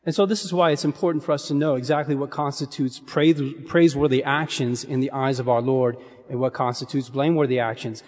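A man preaching a sermon in an earnest, measured way, dropping his voice to a hush on key phrases. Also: medium pitch, steady tone. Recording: long hall reverb.

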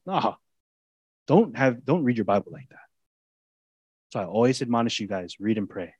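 A man preaching a sermon as a pastor, speaking in a conversational way that swings between loud, emphatic lines and quiet, intimate asides. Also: fairly low pitch, normal speed, long pauses, husky, no room sound. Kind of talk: expository sermon.

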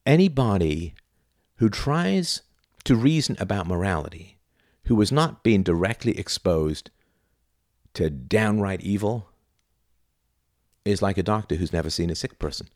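Low-voiced guy ranting through a philosophy lecture, blunt and opinionated, dry close sound. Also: animated, normal speed, pauses often, dry recording. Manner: opinionated and blunt, with emphatic pitch jumps. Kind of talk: unscripted spoken lecture.

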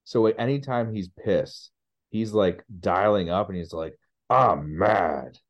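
A man's voice: on the low side, moderate pace, darkish tone, lo-fi sound. A man in his thirties co-hosting a podcast, chatting casually and joking along. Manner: jokey, reacts with laughs. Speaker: podcast co-host. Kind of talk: casual chat.

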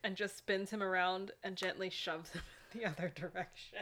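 A woman playing a tabletop game, calmly describing her character's actions. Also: medium pitch, normal speed. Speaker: player.

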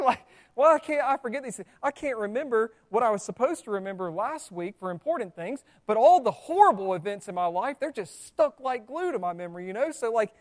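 A man preaching a sermon in a conversational, animated way, with asides to the congregation. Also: very high voice. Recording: long church hall reverb.

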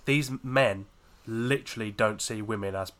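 A man's voice: lowish voice, normal speed, a bit bright. A young man co-hosting a podcast, retelling things he saw online in a rambling, casual way with frequent laughs. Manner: chatty storyteller, trailing fillers, bursts of laughter. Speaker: podcast co-host. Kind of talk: casual chat.

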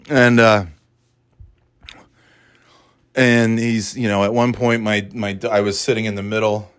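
Profane, rambling man with a low voice. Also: no echo, studio quality. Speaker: parent telling a story. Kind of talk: casual storytelling monologue.

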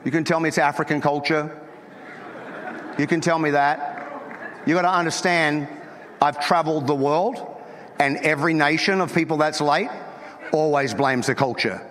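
A man's voice: a little high, moderate pace, pauses often, fairly bright tone, a little hiss or hum. A male pastor preaching a sermon in a church, emphatic and teasing, often repeating his words as he starts a thought. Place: church auditorium. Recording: long reverb from a large hall.

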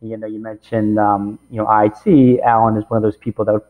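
A man's voice: lowish voice, level tone, fairly quick. Rambling man in his forties, phone-like sound. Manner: rambling, packed with "you know" and "right?". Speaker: guest, camp director. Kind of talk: casual storytelling interview. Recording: tinny phone-like audio.

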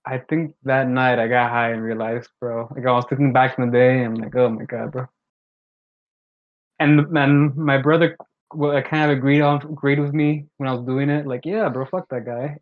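A man co-hosting a podcast, casually telling a story in a relaxed, slangy way. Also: medium pitch, fairly quick. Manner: laid-back storytelling, slangy. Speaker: podcast co-host. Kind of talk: casual chat. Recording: dull lo-fi sound.

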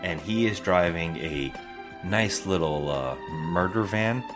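Podcast co-host, male, deep and expressive, sarcastic recapper, light music bed. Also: slow pace. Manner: animated, sarcastic retelling with quoted lines. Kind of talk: casual movie review chat.

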